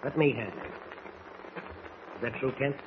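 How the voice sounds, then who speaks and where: A man's voice: mid-range voice, lively intonation, moderate pace, natural voice. A man playing a cold, officious prosecutor. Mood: stern. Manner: clipped, formal, coldly authoritative. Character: stern, officious male district attorney, cool and controlled. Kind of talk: 1940s radio acting. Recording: dull old radio recording with faint hiss.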